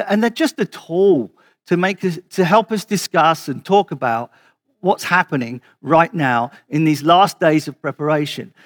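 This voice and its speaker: A pastor preaches to his church over a video call, repeating and restarting words and slowing down to stress key questions. His voice sits high and sounds a bit bright.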